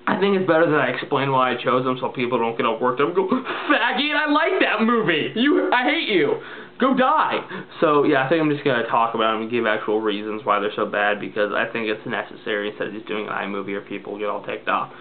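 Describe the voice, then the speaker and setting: A man's voice: medium pitch, fairly even intonation, fast talker. A man casually ranting in a vlog, rambling and exasperated, with lots of filler words. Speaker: vlogger. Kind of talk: casual ranting movie review. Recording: tinny phone-like lo-fi sound.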